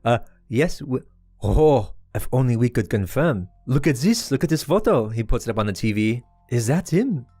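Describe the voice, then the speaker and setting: A man voicing a brash male French criminal with a deliberately bad put-on French accent and broken, hesitant English. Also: medium pitch, expressive, dark tone, breathy edge. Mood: grilling. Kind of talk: tabletop role-play voice.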